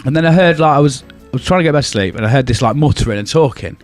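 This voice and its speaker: Young English guy, podcast co-host, animated and sweary storyteller, mid-pitched voice. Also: very fast, soft background music. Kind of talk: casual storytelling chat.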